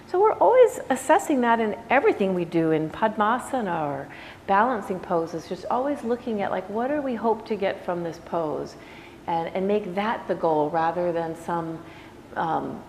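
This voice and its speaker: Reflective woman teacher in an echoey studio. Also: mid-range voice. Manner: warm reflective conversational, many "you know"s. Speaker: yoga teacher. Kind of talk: casual talk to a class. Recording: echoey room with faint background noise.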